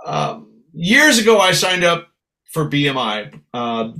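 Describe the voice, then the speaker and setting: Animated storytelling man, a bit high. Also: takes it slowly, slight background noise. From San Francisco. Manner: lively storyteller, acts out voices. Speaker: guest musician. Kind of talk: casual interview anecdotes.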